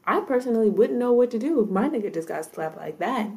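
A woman's voice: fairly high pitch, lively intonation, fast talker, creaky, darkish tone. A woman chatting casually, blunt and profane, often hedging her opinions. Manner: blunt, profane, hedges with "I don't know". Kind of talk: casual chat.

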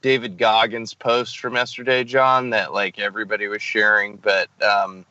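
A man hosting a casual podcast, talking in an animated, rambling way with many fillers. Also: fairly low pitch, normal speed, no room sound, lo-fi sound.

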